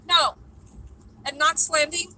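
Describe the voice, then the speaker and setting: Bright high-voiced woman, playful. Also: steady tone, unhurried. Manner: playful, teasing. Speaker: co-host. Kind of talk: casual livestream chat.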